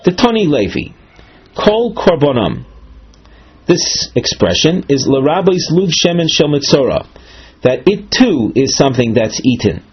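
A man giving a measured, explanatory Talmud lesson, walking through a marked text with frequent fillers and restarts. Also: on the high side, very animated, husky. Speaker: Talmud teacher. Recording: dull lo-fi recording.

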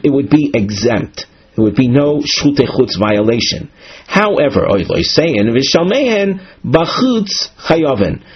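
A man teaching a Talmud lesson, explaining slowly and patiently and stressing key terms. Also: medium pitch, husky, dull audio.

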